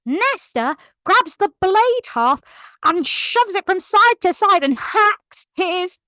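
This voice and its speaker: A woman's voice: extremely high pitch, slow, dry recording. A young woman animatedly recapping a fantasy novel, laughing often and saying "like" a lot. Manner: animated, laughing, heavy use of "like". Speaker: book vlogger. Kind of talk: casual book recap.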